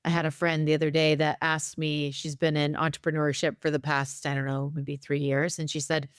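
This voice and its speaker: A female podcast co-host with a low, smooth and resonant voice. She talks in an upbeat, reflective, easygoing way. The recording is dry and close. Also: level tone, brisk, hardly any pauses, dry recording. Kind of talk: casual conversational podcast chat.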